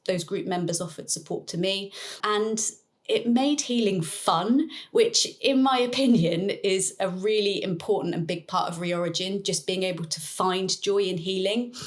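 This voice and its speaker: A woman guest in an interview, telling her personal story in an earnest, reflective way with soft laughs now and then. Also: mid-range voice. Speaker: interview guest, neuroplasticity coach.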